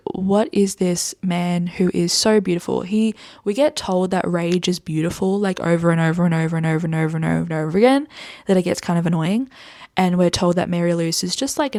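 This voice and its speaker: A woman's voice: on the low side, darkish tone, no room sound, studio quality. A woman book vlogger casually recapping a novel in a chatty, exasperated way, full of fillers and quoted dialogue.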